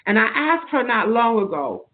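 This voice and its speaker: A woman's voice: on the high side, big pitch swings, normal speed. A woman guest in an interview, earnestly telling spiritual personal stories in long, loose anecdotes. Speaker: podcast guest. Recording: narrow phone-like sound.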